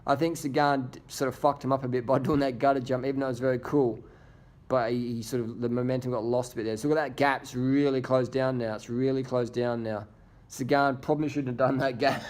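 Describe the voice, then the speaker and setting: A man's voice: medium pitch, fairly even intonation, brisk, a little mellow. A man giving casual, crude, joking commentary over race footage as the host of his channel. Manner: crude, joking, profane banter. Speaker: video host.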